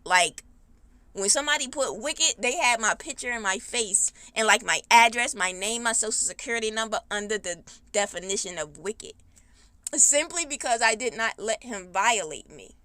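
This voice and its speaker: A woman hosting a podcast, telling a personal story in a blunt, heated, animated way with speech. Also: fairly high pitch, normal speed, no echo. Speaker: podcast host. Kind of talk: casual storytime monologue.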